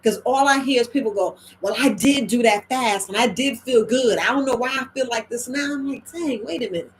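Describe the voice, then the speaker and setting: Animated woman herbalist, slangy monologue. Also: a little high, brisk, slight background noise, rough recording. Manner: animated, acts out quoted voices, slangy. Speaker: herbalist host. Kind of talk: casual monologue.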